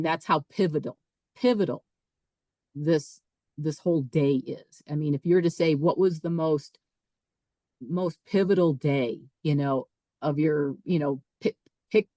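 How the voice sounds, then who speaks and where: A woman, a podcast guest, telling a personal story in a lively way, often repeating and restarting her words. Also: sits low, a little slow, no room sound, poor audio. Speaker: podcast guest, author and speaker. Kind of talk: casual storytelling.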